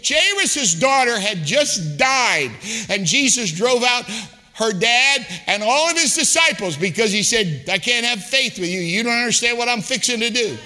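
Impassioned high-voiced man preaching. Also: expressive, normal speed, long reverb tail. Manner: impassioned, rhythmic preaching with shouted peaks. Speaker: guest preacher. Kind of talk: sermon. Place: church sanctuary.

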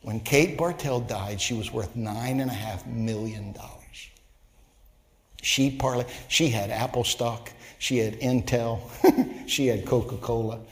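Casting note: male pastor, folksy storytelling sermon, mid pitch, long church-hall reverb. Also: measured pace. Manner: folksy, animated storytelling, builds to loud excitement. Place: church sanctuary.

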